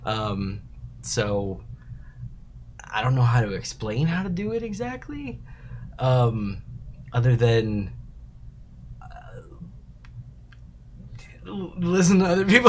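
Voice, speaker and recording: A man's voice: medium pitch, big pitch swings, slow, long pauses, a little mellow, a little hiss or hum. A young man hosting a casual livestream, reading chat messages aloud and answering them in a rambling, laid-back way, laughing often.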